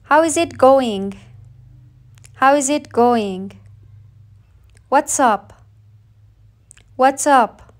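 A woman with a high voice reads short everyday phrases for beginners. She speaks very slowly and carefully, often saying each phrase twice so learners can repeat it. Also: animated. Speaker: English teacher. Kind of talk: slow read-aloud phrase drill.

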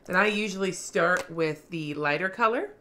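A woman vlogger giving a casual, slangy craft tutorial, cussing freely, her voice going a little hoarse. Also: lowish voice, normal speed, bright, forceful tone, a little hiss or hum.

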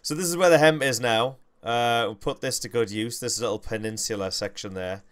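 A man's voice: medium pitch, brisk. A young man, hosting a game livestream with rambling, self-correcting, jokey commentary. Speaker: gaming livestream host.

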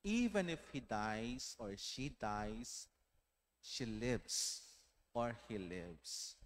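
Priest doing the gospel and homily in church, real slow and deliberate, punches the big lines. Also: male voice, mid-range voice, lively intonation, a little hiss or hum. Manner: measured, deliberate delivery with rising emphasis on key lines.

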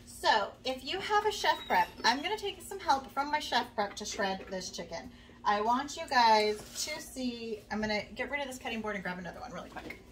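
A woman's voice: on the high side, expressive, normal speed. A young woman chatting casually to her viewers while cooking in her home kitchen, friendly and rambling, with lots of fillers. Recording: faint background noise, a bit distant from the mic.

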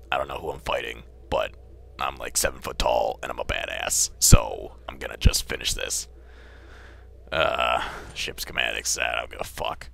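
A man voicing a gruff, cocky, crude armored super-soldier in a deep gravelly put-on voice, giving comedic gameplay commentary. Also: pushed and bright, heavily acted. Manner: brash, profane, yelps when startled. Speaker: let's play gamer.

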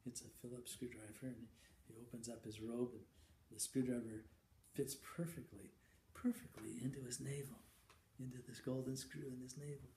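A man telling a long shaggy-dog joke, halting and repeating words, chuckling now and then. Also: mid-range voice, steady tone, dark tone, a little hiss or hum. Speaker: joke teller. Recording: echoey room with faint ambience.

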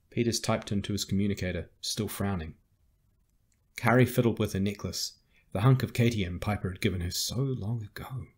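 Husky low-voiced male audiobook narrator. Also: brisk. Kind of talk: scripted narration.

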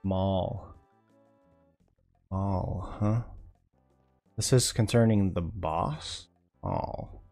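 A man's voice: sits low, extremely slow, vocal fry, pauses often, warm tone, faint music behind. A man streaming live, chatting casually in a laid-back, rambling way with frequent chuckles. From North Carolina.

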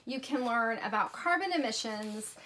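A woman's voice: on the high side, lively intonation, moderate pace, bright, forceful tone. A woman acting as a book consultant, showing off children's books in a casual, enthusiastic way, gushing and dropping frequent ums. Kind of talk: casual product showcase.

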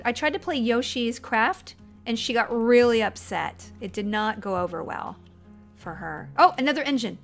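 A woman in her thirties chatting casually while streaming a game, excitable and easily startled. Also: on the high side. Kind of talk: casual gameplay chat.

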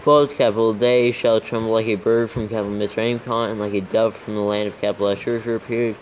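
A man reading scripture aloud as dictation, carefully naming every capital letter and punctuation mark in a steady way. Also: lowish voice, a little fast, a little hiss or hum, rough recording. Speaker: reader dictating scripture text.

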